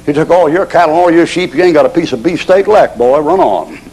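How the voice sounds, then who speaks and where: A man voicing a gruff older father who taunts his enemies. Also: a little high, animated, quick pace, darkish tone, rough recording. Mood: taunting. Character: gruff older Hebrew father, mocking Egyptians.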